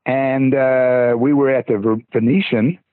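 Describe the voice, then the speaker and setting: Rambling through casual stories as a podcast guest, an older man stammers and starts his sentences over. He has a husky mid-range voice with fairly even intonation and a slightly slow pace, heard over a tinny phone-like line without echo.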